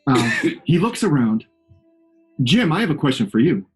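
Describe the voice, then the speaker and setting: A man's voice: a little high, big pitch swings, moderate pace, husky, faint music behind. A man playing a tabletop game, joking around in character and repeating himself for effect. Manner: jokey, exaggerated, repeats himself. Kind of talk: playful in-character banter.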